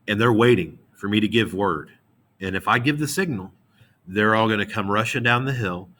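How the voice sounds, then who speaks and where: A man's voice: on the low side, normal speed, fairly bright tone. A man voicing a bold frontier commander, casually delivering threats and then offering terms of surrender. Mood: threatening. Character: bold male frontier commander bluffing enemy.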